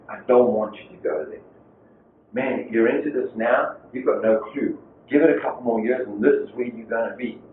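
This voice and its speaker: A man's voice: medium pitch, a little hiss or hum. A man preaching a sermon as pastor, telling a story in a conversational way. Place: church. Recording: echoey far-off phone-like church recording.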